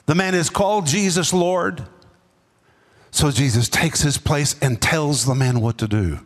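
Preaching from a church, the man uses emphatic repetition and sudden drops in his voice to drive his sermon home. His pitch is a little high, and the room adds a long reverb tail.

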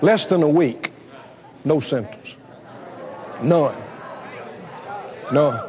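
A man's voice: a little high, drawn-out words, crowd noise. A man preaching a sermon, telling stories with lots of laughter and acting out his own voice. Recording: long reverb of a large hall.

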